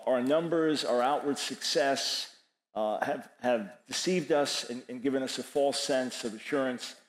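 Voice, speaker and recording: A man preaches and answers questions from the floor, leaning hard on repeated phrases and quoted scripture. His voice is of middling pitch for a man. The sound rings with the echo of a large room. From New York. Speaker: speaker answering audience questions.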